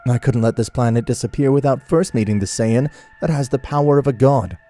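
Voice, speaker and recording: A man's voice: mid-range voice, a little fast, mellow, soft background music, close to an everyday voice. A man voicing a proud, haughty god of destruction with a commanding manner.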